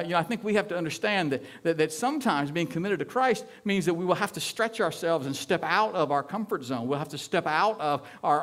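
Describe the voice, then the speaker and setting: A man from the United States preaching a sermon as pastor, in an animated, chatty way that often repeats words. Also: a little high.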